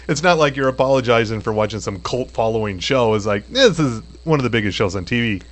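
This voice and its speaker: A man's voice: mid-range voice, expressive, a little fast. A man hosting a casual podcast chat about television, joking and steering the talk with questions. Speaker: podcast host.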